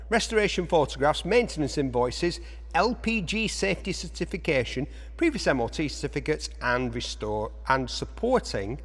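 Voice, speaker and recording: Lively man in echoey hall. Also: a little high, husky. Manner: enthusiastic, jokey asides to himself. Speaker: auction presenter. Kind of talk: chatty car walkaround commentary.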